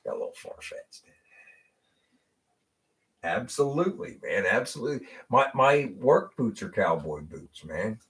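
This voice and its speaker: A man's voice: medium pitch, expressive, unhurried, long pauses, fairly bright tone. A middle-aged man from Western Pennsylvania hosting a casual car hobby chat. He laughs often and repeats words as he gets going. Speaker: host of a car hobby live show.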